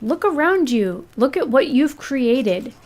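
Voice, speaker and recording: A woman reading aloud the lines of an ancient, stern witch from a video game, slowly and solemnly. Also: high-pitched, very animated, a little mellow, heavily acted.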